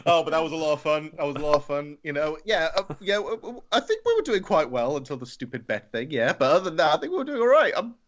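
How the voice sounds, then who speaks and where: A man's voice: on the high side, very animated, quick pace, hardly any pauses, muffled recording, slight background noise. Rambling exasperated male podcast guest. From United Kingdom. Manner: rambling, self-mocking exasperation. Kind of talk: casual podcast chat.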